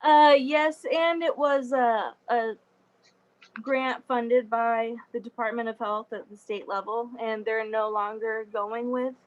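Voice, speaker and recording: A young adult woman with a voice on the high side speaks slowly in a steady tone, though the recording is muffled. She's a guest speaker giving an informal video-call presentation, talkative and quick to laugh, with frequent fillers.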